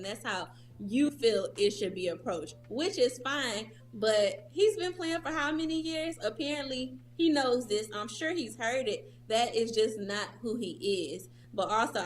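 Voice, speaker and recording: A woman co-hosting a sports talk show, firmly disagreeing and pressing her point. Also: a little high. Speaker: co-host. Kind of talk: casual sports debate.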